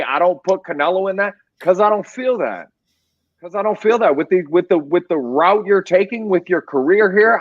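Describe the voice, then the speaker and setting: A man's voice: on the high side, no echo, muffled recording. A man co-hosting a sports podcast, telling rambling stories and getting fired up about who is toughest. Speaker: podcast co-host. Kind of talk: casual sports chat.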